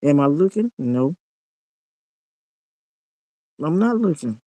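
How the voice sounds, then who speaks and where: A man's voice: a little high, big pitch swings, takes it slowly, warm tone, no echo, poor audio. A man, ranting in a casual monologue vlog, blunt and preachy and repeating himself.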